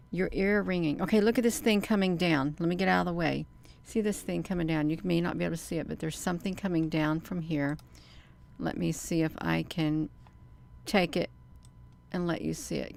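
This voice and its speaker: A woman, talking excitedly to her viewers as she comments on a screen in a casual livestream. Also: lowish voice, gravelly. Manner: excited, talks to viewers as "you all". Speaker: video creator.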